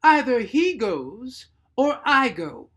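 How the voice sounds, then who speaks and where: A man voicing a bossy, haughty, tall old woman in a storybook reading, with a shrill, outraged delivery. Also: very animated, takes it slowly, breathy edge, exaggerated voice.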